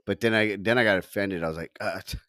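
A man's voice: on the low side, fast, fairly bright tone, dry recording, studio quality. A middle-aged man chatting casually on a podcast, laughing often and swearing as he tells a story. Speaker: podcast co-host. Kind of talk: casual chat.

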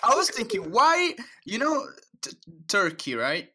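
Bright, lively podcast co-host man. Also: high voice, unhurried. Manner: playful, teasing, animated questioning. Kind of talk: casual podcast chat.

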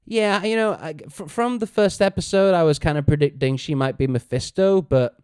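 A man's voice: on the high side, moderate pace, a little mellow, clean tone, dry recording, clean studio sound. A man co-hosting a casual podcast, recapping a TV episode and acting out characters' lines with animation. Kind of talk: casual chat.

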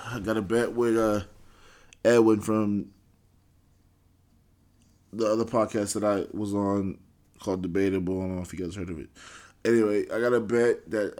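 A man's voice: fairly low pitch, a little mellow. A man talking casually on a podcast, rambling and swearing freely in a laid-back way.

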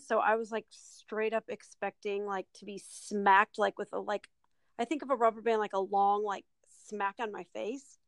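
A woman hosting her own podcast in casual chat, excitable and rambling, dropping lots of "like"s and the odd swear word. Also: mid-range voice, normal speed, dry recording. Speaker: podcast host.

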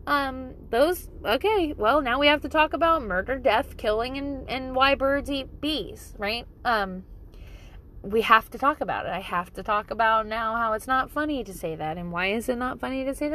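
A woman's voice: a little high, animated, normal speed, fairly bright tone, a little hiss or hum. A woman in her thirties, a mother giving parenting advice in blunt, emphatic casual talk, swearing freely.

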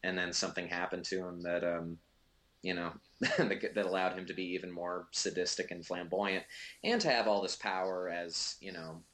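A man's voice: deep voice, level tone, moderate pace, a bit bright. A man giving casual, rambling film commentary as co-host, full of fillers and restarts.

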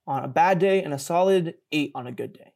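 A young man telling a story in a casual podcast chat. He mocks himself, laughs often and jumps up in pitch when he gets excited. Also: a little fast, gravelly. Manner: animated, self-mocking, laughs often and jumps higher in pitch. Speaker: podcast co-host.

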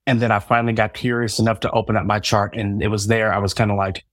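A man's voice: lowish voice, fairly even intonation, fast, hardly any pauses, no room sound, studio quality. A man in his thirties from Southern Indiana, a guest telling his story as a psychic reader, acting out the dialogue with self-mocking humor. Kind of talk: storytelling in casual interview.

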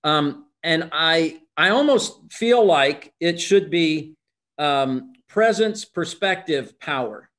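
A man's voice: on the high side, animated, takes it slowly, fairly bright tone. A man who has been a pastor for thirty years, hosting and reflecting thoughtfully and openly. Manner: thoughtful, confessional. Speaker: pastor and host. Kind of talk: conversational reflection.

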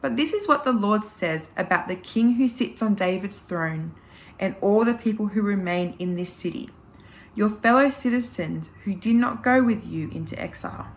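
A woman reading scripture in a church service. Her delivery is measured and steady, with a solemn tone, and her pitch sits in a middle range. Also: low-quality recording. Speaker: scripture reader.

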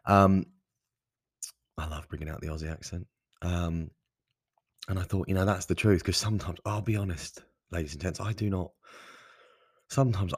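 Male podcast host, deep voice, rambling and self-mocking, dry close-mic sound. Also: vocal fry, slightly rough, no room sound. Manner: rambling, self-deprecating, sprinkled with mild swearing. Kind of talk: casual solo podcast monologue.

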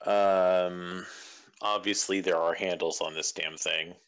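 A player in a tabletop role-playing game, speaking in a deadpan, matter-of-fact way. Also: deep voice, slow, smooth. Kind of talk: casual tabletop game chat.

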